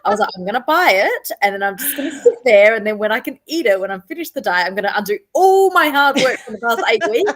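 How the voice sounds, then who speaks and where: A woman's voice: fairly high pitch, big pitch swings, fast, few pauses, a bit bright. A woman who is a guest on a live stream, chatting casually and giggling often. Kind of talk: casual chat.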